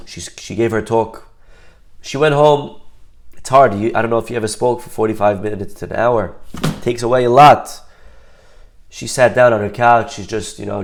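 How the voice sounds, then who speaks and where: A man giving a storytelling talk, lively and acting out the people he describes. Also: medium pitch. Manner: animated, acts out the people in his story. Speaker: speaker.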